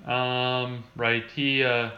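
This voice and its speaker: A man's voice: medium pitch, little pitch movement, extremely slow. A male podcast host chatting loosely about basketball, reading numbers from a list and chuckling as he goes. His voice sits in a roomy space, and the recording has a muffled, lo-fi tone. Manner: reads out stats, chuckles often. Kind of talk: casual sports chat. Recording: roomy, dull lo-fi sound.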